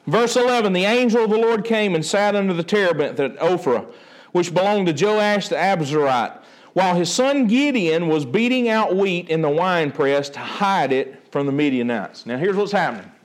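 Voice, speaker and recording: A male pastor preaching a sermon, acting out the dialogue of the story with a lively voice. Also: sits high, normal speed. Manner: animated, acts out the dialogue of the story.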